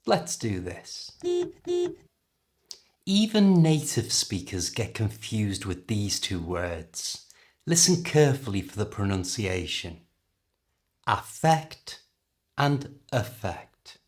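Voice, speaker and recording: A middle-aged man with a British accent teaching an English lesson, carefully and clearly modelling how words are pronounced. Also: fairly low pitch, sing-song, takes it slowly. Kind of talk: language lesson.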